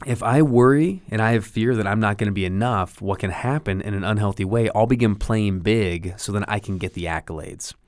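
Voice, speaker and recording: A man's voice: lowish voice, brisk, hardly any pauses, no echo. A middle-aged man hosting a podcast, talking earnestly in a slightly preachy, encouraging monologue close to the mic. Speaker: podcast host.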